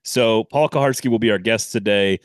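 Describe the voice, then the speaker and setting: Lively lower-voiced male podcast host. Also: fairly quick, no room sound, studio quality. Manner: animated, laughs often, rambling restarts. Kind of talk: casual sports podcast chat with ad read.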